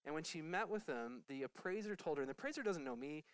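A man, a pastor, telling a story to his church in an animated testimony, his voice jumping high when he is excited. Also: fast, smooth, no room sound, low-quality recording. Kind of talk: sermon testimony.

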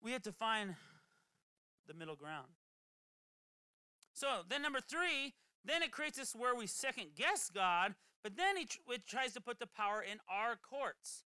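Chatty preacher talking casual, bright and crisp voice, dry close sound. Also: medium pitch, sing-song, measured pace, no room sound. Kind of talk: conversational sermon.

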